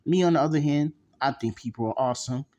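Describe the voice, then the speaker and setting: A man's voice: on the high side, fast talker, dark tone, dull audio, pitched above the performer's own voice, natural voice. A man voicing a huge ancient male monster who is cocky and teasing, with a mocking way of talking in a storybook retelling. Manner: mocking, calls him kid.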